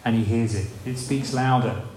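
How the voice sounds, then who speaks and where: A man's voice: mid-range voice, normal speed, darkish tone, slight background noise. A man preaching a sermon in a conversational way, asking rhetorical questions and acting out voices. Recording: echoey room with faint ambience.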